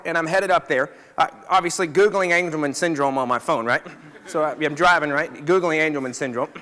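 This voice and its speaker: A man's voice: on the high side, bright, forceful tone, in a large hall. A middle-aged man, a chiropractor, telling a story to a live audience in a conversational way, often checking in with his listeners.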